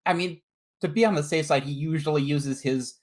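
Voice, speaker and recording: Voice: medium pitch, brisk, a little mellow. A tabletop game player talks casually about their character in a mid-range voice. They hesitate often, circling back and restarting phrases. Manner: hesitant, many fillers and restarts.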